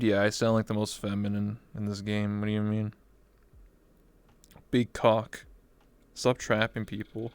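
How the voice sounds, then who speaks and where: A man in his twenties chatting casually on a livestream, excitable and swearing freely. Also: lowish voice, unhurried, long pauses, clean tone, no room sound. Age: 20s. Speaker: VR chat streamer.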